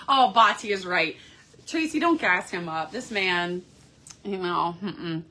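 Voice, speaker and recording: Sex: woman. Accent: Kentucky. Style: chatty live-stream cruise host, bright voice. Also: mid-range voice, animated, unhurried. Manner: chatty, upbeat, reads viewer comments aloud. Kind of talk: casual live-stream chat. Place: cruise ship cabin.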